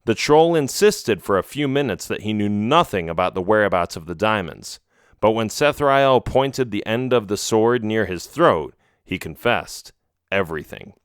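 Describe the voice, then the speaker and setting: A man narrating a children's adventure storybook with a low, steady voice. His reading is measured and even. The sound is dry and close to the mic. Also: clean tone, no echo. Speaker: audiobook narrator.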